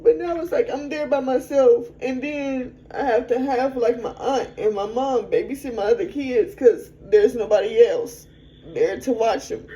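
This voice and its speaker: A woman's voice: a little high, dark tone, poor audio. A young adult woman telling a personal story frankly as an interview guest, in a conversational way. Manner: frank, conversational, quick to vent.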